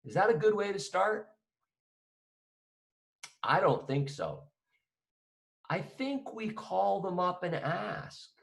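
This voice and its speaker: A man's voice: high-pitched, very animated, slow pace, gravelly, long pauses. A man teaching an accounting lesson in a conversational way, acting out both sides of a phone call with a client.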